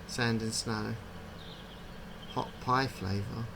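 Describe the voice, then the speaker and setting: A man talks through a game in a loose, chatty way, wondering aloud at what he sees. His voice has a gravelly edge and sits at an ordinary pitch. Steady noise hums behind him throughout. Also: normal speed. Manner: chatty, musing aloud, puzzled asides. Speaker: gaming channel host. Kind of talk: casual game commentary.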